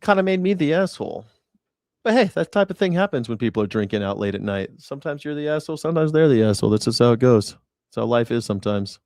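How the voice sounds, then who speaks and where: Man, host, casual commentary, blunt, profane, mid-pitched voice, dry recording. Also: expressive, fast talker, darkish tone, dry recording.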